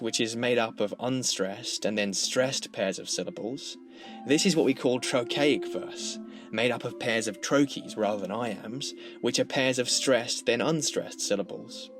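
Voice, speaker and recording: A man narrating a scripted literature lesson in a measured, explanatory way. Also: mid-range voice. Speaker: literature lecturer.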